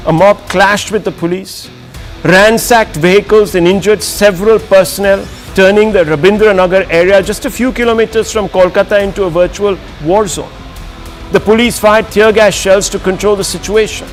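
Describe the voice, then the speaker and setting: Indian male debate anchor, high-ish voice, firm and fast, light music bed. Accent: Indian English. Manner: brisk, interrupting, moderating firmly. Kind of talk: TV news debate hosting.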